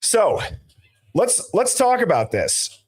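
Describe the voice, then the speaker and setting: A man with a slightly higher voice hosts a live stream in a loose, conversational way. He greets his viewers one by one, reading their usernames from the chat, and throws in offhand jokes as he goes. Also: very animated, takes it slowly, husky. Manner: loose, conversational, jokey asides. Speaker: livestream host.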